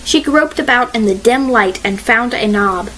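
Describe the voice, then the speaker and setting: Female audiobook narrator, measured, expressive, a touch high. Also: a little hiss or hum, rough recording.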